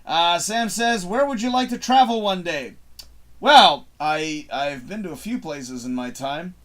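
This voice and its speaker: A man's voice: high voice, lively intonation, a little slow, fairly bright tone. A man hosting a casual live stream, reading out viewer questions and answering in a loose, profane, rambling way with frequent laughs.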